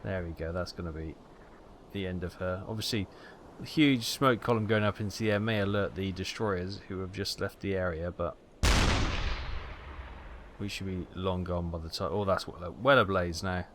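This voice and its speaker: A man's voice: low voice, fairly even intonation, normal speed, heavy background noise. A man hosting a gaming channel, giving casual, wry commentary on a submarine game and stumbling over ship names.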